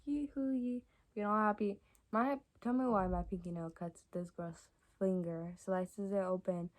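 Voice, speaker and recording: A young adult woman vlogger telling stories to camera in a casual, rambling way, with lots of fillers and soft asides. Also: fairly low pitch, steady tone, moderate pace. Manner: chatty and rambling, many fillers like "like" and "y'all". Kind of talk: casual storytime chat to camera.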